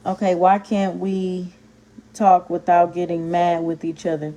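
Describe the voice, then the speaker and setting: A woman from Compton, California, who vlogs as a Bible teacher, gives a casual, impassioned talk to camera, stressing and stretching words for emphasis with punchy exclamations and street slang. Her voice is lowish, level, a little slow, and warm.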